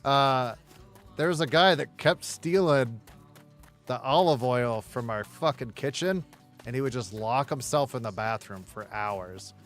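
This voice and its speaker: In an unhurried mid-range voice, a middle-aged gaming streamer shares stories while playing, blunt and laughing often with plenty of profanity. Soft music plays in the background.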